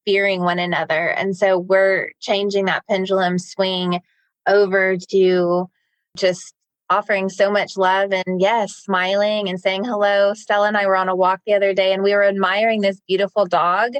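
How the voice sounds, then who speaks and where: A woman's voice: medium pitch, little pitch movement, normal speed, no room sound. A woman hosting a spiritual wellness podcast, talking in a gushing, affirming way. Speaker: podcast host.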